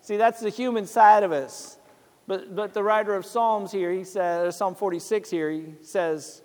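A man's voice: high-pitched, fairly even intonation, a little slow, a little mellow, in a large hall. A male pastor preaching a sermon in a church, speaking conversationally and calling out to the congregation for responses. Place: church sanctuary.

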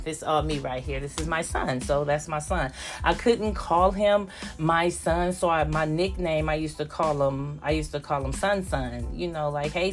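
An older woman, chatting casually and rambling about her grandchildren, acting out their voices. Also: deep voice. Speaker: vlogger. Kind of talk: casual chat.

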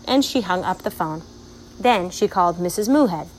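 A woman narrating a children's storybook aloud in a clear, measured way. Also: fairly low pitch, animated, a little hiss or hum, poor audio.

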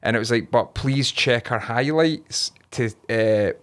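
A man's voice: mid-range voice, a little slow. A Scottish man chatting casually, sweary and rambling, often laughing. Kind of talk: casual banter.

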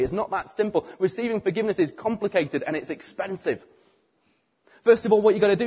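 A middle-aged British man preaching a sermon, telling the story with animated acted-out voices. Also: a little high, husky.

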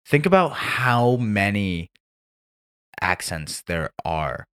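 A man co-hosting a podcast in casual chat, animated, laughing often and acting out exclamations. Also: fairly low pitch, takes it slowly, clean tone. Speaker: podcast co-host.

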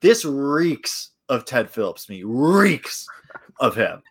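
A man's voice: mid-range voice, sing-song, slow pace, breathy edge. A man co-hosting a sports podcast, talking casually with sarcastic asides.

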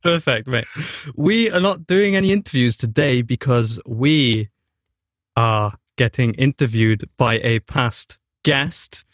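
A man hosting a podcast, excitable and playful, laughing often in casual chat. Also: mid-range voice, takes it slowly, no echo. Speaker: podcast host.

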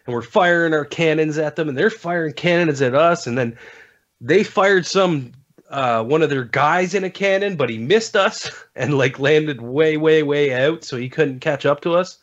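A man's voice: a little high, normal speed. A man, a podcast guest, chatting casually about games and rambling through stories with lots of fillers and restarts. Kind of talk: casual gaming chat. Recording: dull lo-fi sound.

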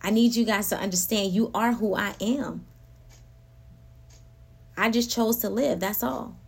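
A woman in a middle pitch hosts a casual talk about faith and everyday life. She is animated and laughs often, speaking straight to her listeners. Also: unhurried, gravelly, breathy edge. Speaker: podcast host.

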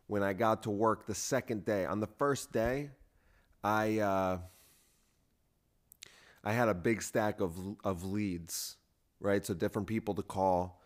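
A man's voice: lowish voice, measured pace, long pauses. A man hosting a podcast, telling a story in a casual solo monologue that rambles, restarts often, and acts out what other people said. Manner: frequent restarts and filler words. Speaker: podcast host.

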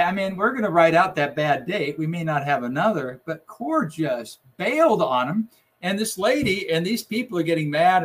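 An older man, a retired reporter, telling rambling newsroom anecdotes in a casual conversation, acting out the quotes. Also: a little high.

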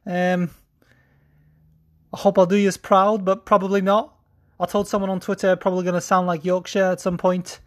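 A man's voice: sits high, little pitch movement, normal speed, pauses often. A podcast host doing a casual fight recap in a put-on Scouse accent, mocking his own attempt. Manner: putting on a mock Liverpool accent, self-mocking.

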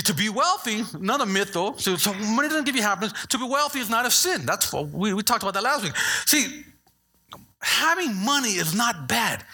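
A man's voice: sits high, husky. A middle-aged male pastor preaching a sermon, acting out voices and asking the congregation questions. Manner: animated, acts out voices, asks the congregation questions.

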